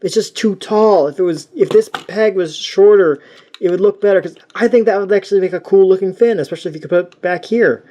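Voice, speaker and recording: A man's voice: sits high, brisk, dark tone. A young man reviewing a toy in a casual, rambling way, self-deprecating and full of restarts.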